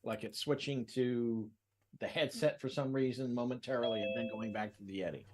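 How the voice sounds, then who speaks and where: A man's voice: mid-range voice, fairly even intonation, brisk. A man joining a casual video call chat with teasing remarks. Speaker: call participant.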